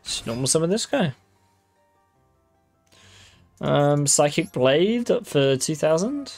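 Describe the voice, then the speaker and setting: A man's voice: a little high, sing-song, takes it slowly, faint music behind. A man giving casual, wry commentary on his own gameplay, swearing freely and talking straight to his viewers. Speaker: gaming video creator.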